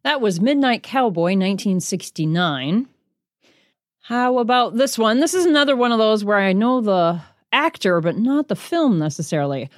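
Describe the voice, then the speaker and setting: A woman hosts her own podcast alone, talking casually and poking fun at herself between word games. Her pitch rises and falls a great deal, and she stretches words out when she reads the quiz items. The sound is close and dry, with no room around it. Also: animated, no echo. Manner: chatty and self-deprecating, slows down to read quiz words. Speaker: podcast host.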